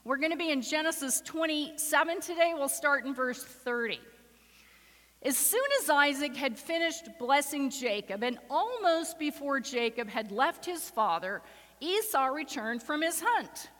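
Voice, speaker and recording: Woman pastor, sermon, high voice, acts out scripture voices, long hall echo. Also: animated, a little slow, a bit bright. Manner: acts out the voices in the story with rising emotion. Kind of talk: sermon with dramatic scripture reading. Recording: reverberant hall.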